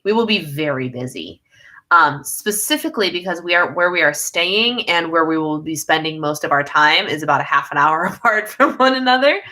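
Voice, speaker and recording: A young woman hosts a relaxed livestream from home. Her voice is bright and a little low-pitched, and she rambles freely, often laughing in the middle of a sentence. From United States. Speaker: livestream host reading viewer comments. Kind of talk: casual live chat.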